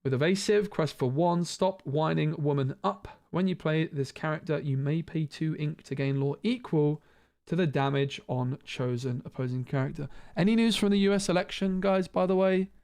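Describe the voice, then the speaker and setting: A man's voice: fairly high pitch, normal speed, darkish tone. A man streaming a casual card review, thinking aloud with frequent restarts.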